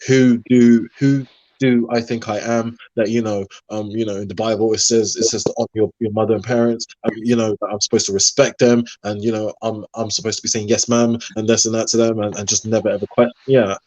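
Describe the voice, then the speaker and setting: Low-voiced man telling animated stories. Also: quick pace, few pauses, dry recording, rough recording. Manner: animated storyteller, laughs often. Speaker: panelist. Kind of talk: casual discussion.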